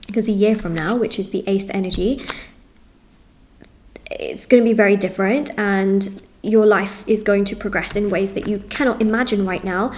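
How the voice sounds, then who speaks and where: A woman's voice: medium pitch, fairly even intonation, darkish tone, a little hiss or hum. A woman reading tarot cards for her viewers, talking in an earnest, reassuring way, repeating herself and running through lists. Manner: lists things in quick runs. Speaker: tarot reader.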